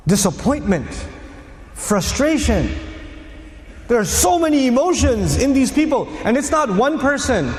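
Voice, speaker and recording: A man giving a sermon as a preacher, animated, telling a story and acting out its scenes. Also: very high-pitched, unhurried. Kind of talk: sermon lecture. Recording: echoey hall.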